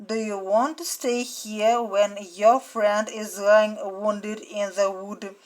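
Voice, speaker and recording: A woman reading the lines of a sly young beggar lad, slowly. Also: mid-range voice, flat delivery, close to an everyday voice, poor audio.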